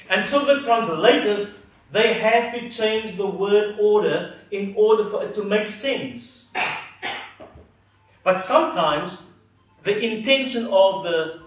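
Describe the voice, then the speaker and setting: High-voiced, slow-preaching man in an echoey hall. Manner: earnest, emphatic preaching with falling, soft phrase endings. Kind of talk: sermon. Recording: echoey hall, mic at a distance.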